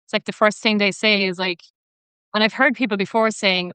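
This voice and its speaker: Irish woman, thirties, podcast guest, mid-pitched, very clear crisp voice, chatty, filler-heavy. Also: steady tone, a little fast, bright, forceful tone, no room sound. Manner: chatty storytelling, many "like" fillers. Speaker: podcast guest, personal trainer. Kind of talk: casual interview chat.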